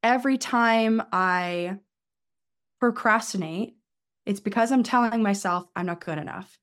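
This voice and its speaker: A woman coach talks as a podcast guest, laying out her ideas step by step. She often drops into quoted inner monologue, voicing what a worried client tells themselves, at an ordinary mid-range pitch. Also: a little slow, a bit bright. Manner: explanatory, acts out clients' inner voices. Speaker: life and confidence coach. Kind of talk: interview guest conversation.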